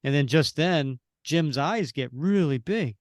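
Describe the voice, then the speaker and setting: A man co-hosting a podcast, recapping a comic panel by panel in casual chat and acting out the characters' lines with animated bursts. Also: a little high, measured pace, dry recording, studio quality. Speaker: podcast co-host.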